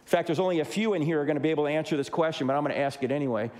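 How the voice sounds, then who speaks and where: A man's voice: fairly high pitch, very fast, big-room sound. A man in his sixties from New Jersey, giving a humorous Christian apologetics talk to a live audience and acting out the dialogue in his stories. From New Jersey, USA. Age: 60s. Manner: animated storyteller who acts out dialogue.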